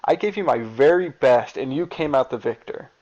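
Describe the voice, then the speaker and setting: A man's voice: medium pitch, expressive, moderate pace, a little mellow, lightly acted. A man voicing a gracious veteran female wrestler offering congratulations. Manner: friendly, congratulatory. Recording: dull lo-fi recording.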